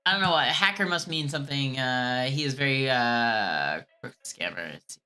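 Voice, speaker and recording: A woman chats casually with her live-stream audience in a low, bright-edged voice. She hesitates often and trails off. Faint music plays behind her. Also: lively intonation, normal speed, clean tone. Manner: hesitant, trailing off with many fillers.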